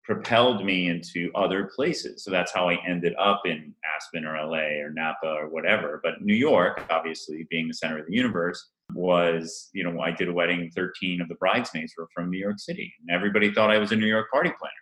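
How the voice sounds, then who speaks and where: Brief: deep, bright-toned man, forties, laughing, animated storyteller, roomy echo. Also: brisk, few pauses. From Rhode Island. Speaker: event planner guest. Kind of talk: casual interview chat.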